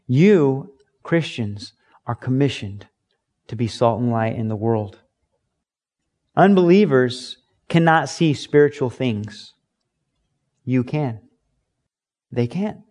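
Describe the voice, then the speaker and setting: Earnest male preacher, mid-pitched voice, emphatic Bible-study sermon delivery. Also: darkish tone. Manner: earnest, emphatic, rhetorical questions and acted quotes.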